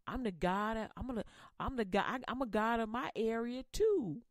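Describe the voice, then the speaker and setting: A woman voicing a sly male devil who whispers and coaxes in a low, hushed, conspiratorial way. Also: lively intonation, normal speed, no echo, clean studio sound, close to an everyday voice. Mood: coaxing.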